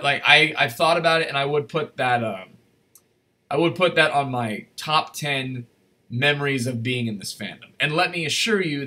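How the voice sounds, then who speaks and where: A man hosting a casual livestream from his desk, rambling and correcting himself as he chats, his voice going slightly hoarse. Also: medium pitch, sharp tone. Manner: rambling, chatty, self-correcting. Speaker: livestream host. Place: at a desk in a room.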